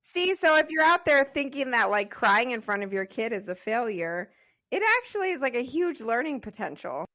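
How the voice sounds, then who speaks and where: A woman's voice: a little high, sing-song, moderate pace, bright, forceful tone. A woman in her thirties co-hosting a podcast, chatting casually and peppering her talk with "like.". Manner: chatty, frequent "like" fillers. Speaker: podcast co-host. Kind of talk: casual chat.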